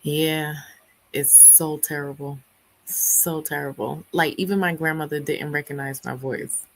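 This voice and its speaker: Young woman hosting a book club stream, real low voice still kinda rough from laryngitis, chatty and laughing. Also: fairly even intonation, unhurried, slight background noise, rough recording. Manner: chatty, laughs often, acts out quotes. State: voice not fully recovered after laryngitis. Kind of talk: casual livestream chat, reading viewer comments.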